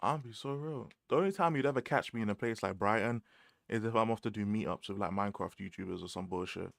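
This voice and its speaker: Young London guy, low-ish voice, loose slangy stream chat, dry close mic. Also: quick pace, creaky, no echo. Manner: slangy and animated, laughs often, repeats phrases. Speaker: livestream host. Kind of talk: casual livestream chat about football.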